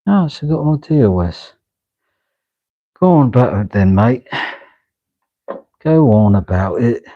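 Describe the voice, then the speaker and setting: A man's voice: mid-range voice, big pitch swings, slow pace, full character voice. A man putting on a teasing, chummy British bloke for a bit of banter. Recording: dull lo-fi audio.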